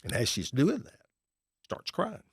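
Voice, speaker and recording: A man's voice: mid-range voice, unhurried, breathy edge, no room sound, clean studio sound. A middle-aged man, a real estate investor telling folksy stories in a podcast interview and acting out the people in them. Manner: folksy, animated storyteller acting out dialogue.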